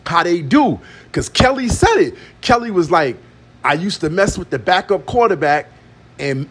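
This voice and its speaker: High, lively New man ranting. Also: husky. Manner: profane, rambling, repetitive street slang. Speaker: vlogger. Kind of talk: casual ranting monologue. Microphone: phone.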